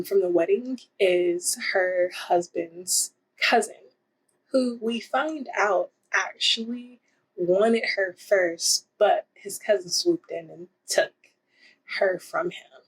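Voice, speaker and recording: Slow, breathy young woman vlogger. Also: lowish voice, poor audio. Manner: rambling, many fillers, giggly. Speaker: book vlogger. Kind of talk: casual book review vlog.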